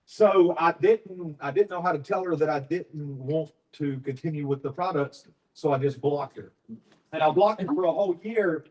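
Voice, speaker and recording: A man from Alabama giving a testimony to a live audience, telling his story haltingly with many fillers. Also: on the high side, darkish tone, distant mic, rough recording. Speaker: business partner sharing his story.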